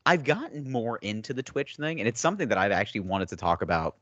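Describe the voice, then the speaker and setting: Lively low-voiced man telling stories. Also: fast talker, no echo, muffled recording. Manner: animated storyteller who acts out quotes and laughs often. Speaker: podcast co-host. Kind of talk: casual chat.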